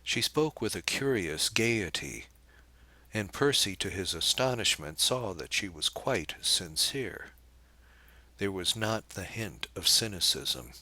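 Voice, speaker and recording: A man narrating a novel as an audiobook in a measured, unhurried reading. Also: deep voice, big pitch swings, sharp tone, no room sound.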